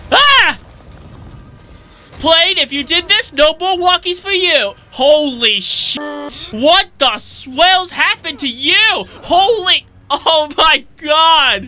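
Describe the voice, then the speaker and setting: A man giving comedic, profane commentary while playing a video game, often bursting into yells. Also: extremely high pitch. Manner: joking, swearing, sudden yelling outbursts. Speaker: gameplay commentator. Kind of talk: comedic let's-play commentary.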